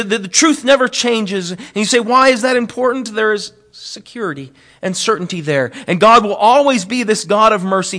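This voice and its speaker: A high-voiced male preacher delivering a sermon. He climbs to loud, pressing appeals and then sinks to quiet, low, drawn-out lines, often stretching key phrases slowly. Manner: preaching with wide swings in pitch and loudness, slowing on key phrases. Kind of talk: expository sermon.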